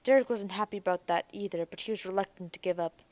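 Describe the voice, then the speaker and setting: Woman reading a sci-fi audiobook aloud, soft and even, sometimes near whispered. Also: mid-range voice, fast talker, dry recording, lo-fi sound. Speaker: audiobook narrator. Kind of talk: audiobook narration.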